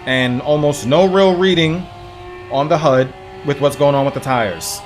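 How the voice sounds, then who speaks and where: A man streaming a racing game live, frustrated and swearing, swinging between outbursts and low muttering. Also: unhurried, faint music behind. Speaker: gaming streamer. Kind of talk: live gameplay commentary.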